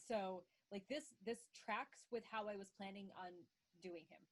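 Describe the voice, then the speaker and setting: A woman chatting as a player at a tabletop game, her voice at an ordinary pitch. She talks loosely, pausing often and filling the gaps with small words. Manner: casual and halting, with filler words.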